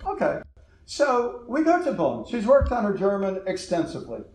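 A man's voice: high-pitched, huge pitch swings, normal speed, a little mellow. A man giving a lecture in an auditorium, telling anecdotes and chuckling at his own stories. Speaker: guest lecturer. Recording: echoey auditorium with faint noise.

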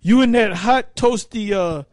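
A man in a casual scripture discussion, reading verses slowly and laughing often as he teases. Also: high-pitched, darkish tone, no room sound, studio quality.

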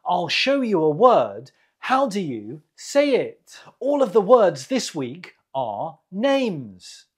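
Quiz-host teacher with a husky tone, very slow, lively rise and fall, repeats every word for learners. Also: mid-range voice. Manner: repeats each word clearly, pauses for the listener. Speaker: English teacher hosting a quiz.

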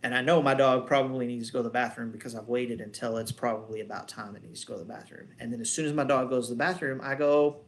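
A man's voice: mid-range voice, steady tone, quick pace, hardly any pauses, a little hiss or hum. Casual, rambling male dog trainer. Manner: conversational, rambling, rhetorical questions. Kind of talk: casual instructional talk.

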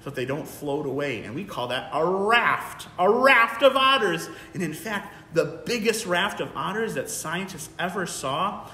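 A man's voice: high-pitched, lively intonation, moderate pace, roomy sound. A man working as a museum educator, reading a picture book aloud to young children in an encouraging way. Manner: warm, encouraging, talks to young kids. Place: museum program room.

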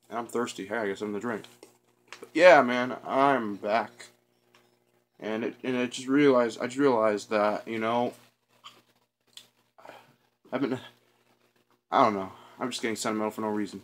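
A young man vlogging to a handheld camera outside a house, rambling and hamming up his self-pity. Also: mid-range voice. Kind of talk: casual vlog to camera.

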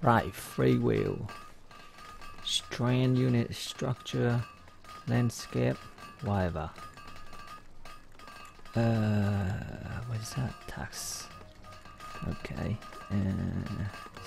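A man casually commenting on his gameplay, hesitant and muttering, with many ums and pauses. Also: fairly low pitch, gravelly, music in the background.

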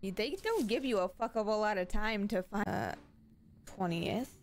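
A woman streaming horror games, chatty and expressive and swearing freely. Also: medium pitch, moderate pace, slight background noise. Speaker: game streamer. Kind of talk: live reactions to horror games.

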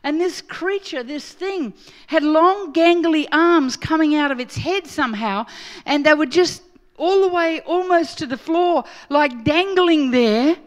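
Speaking a little slowly in a high-pitched voice, a middle-aged Australian guest preacher shares a story in her sermon. She animatedly acts out her own quoted remarks.

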